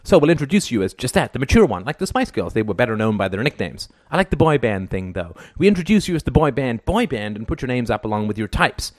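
A man reading an audiobook and voicing a glib, fast-talking male TV producer with cynical sales patter. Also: medium pitch, big pitch swings, no echo, studio quality, lightly acted. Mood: brash.

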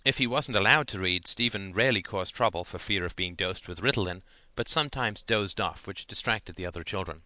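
Guy narrating an audiobook, lowish voice, very bright tone, dry measured delivery. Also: no room sound.

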